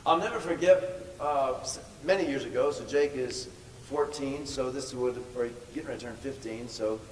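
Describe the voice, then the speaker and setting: A man preaching a storytelling sermon, pressing his points by repeating words. His mid-pitched voice carries through a big church hall. It sounds like it was picked up from a distance, with a long reverb tail and faint noise underneath. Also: moderate pace. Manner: emphatic, repeats words for stress. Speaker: pastor.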